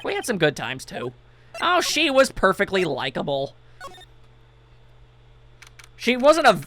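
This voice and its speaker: A man's voice: high voice, creaky, bright, forceful tone. A man giving casual, jokey commentary over a video game, reading the on-screen text aloud. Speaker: let's play commentator.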